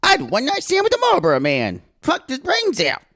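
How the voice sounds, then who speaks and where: A man's voice: extremely high pitch, huge pitch swings, fast, bright, forceful tone, voice pushed up, heavily acted. A man voicing a brash, blunt older woman who talks about her wild youth.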